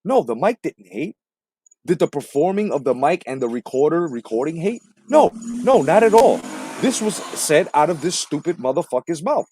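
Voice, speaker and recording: A man's voice: a little high, very animated, normal speed, mellow, slight background noise. A man hosting a boxing commentary stream, ranting in a combative, profane way and repeating himself for emphasis. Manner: combative, repetitive, swearing heavily. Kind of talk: profane live-stream rant.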